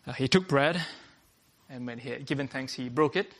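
A male preacher with a gravelly, creaky voice delivers an earnest sermon at a mid pitch. He often restarts a phrase and opens lines with "uh," restating each point as he goes. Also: normal speed, fairly bright tone.

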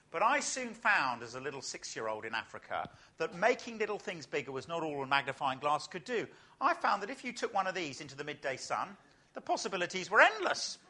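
A man's voice: on the high side, sharp tone. A man, an Anglican clergyman, preaching a sermon full of stories and rhetorical questions.

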